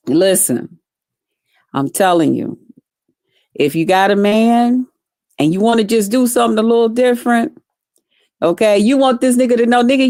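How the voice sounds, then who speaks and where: A woman vlogger with a slightly mellow voice on the high side tells foul-mouthed, casual stories straight to camera for live viewers. Blunt and salty, she's recorded on a dry, close mic with no echo or room sound.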